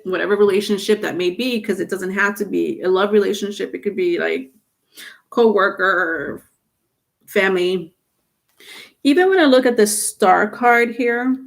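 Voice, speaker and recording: Woman doing a live tarot read, slow and rambly, lots of ums. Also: mid-range voice, vocal fry. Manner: rambling, many fillers and restarts. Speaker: tarot reader. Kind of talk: live-streamed tarot reading.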